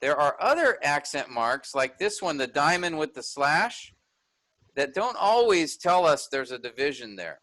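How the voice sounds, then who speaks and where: A man's voice: a little high, sing-song, measured pace, a bit bright. A middle-aged man teaching a class, explaining step by step and often checking in with "all right?". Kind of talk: recorded lecture with screen sharing.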